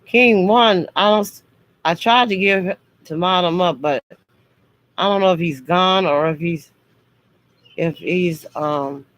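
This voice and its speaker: A woman's voice: on the low side, slow, rough recording. A woman chatting casually on a livestream to her viewers. Her delivery comes across harsh and blunt. She still means it kindly. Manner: talks harshly and bluntly, as she says, but means no harm. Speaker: livestream host.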